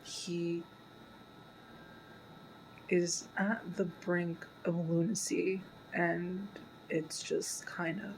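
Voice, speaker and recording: Slow, thoughtful woman talking softly. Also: lowish voice, flat delivery, slight background noise, poor audio. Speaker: video host reacting to a TV episode. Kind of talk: casual pause-and-talk commentary.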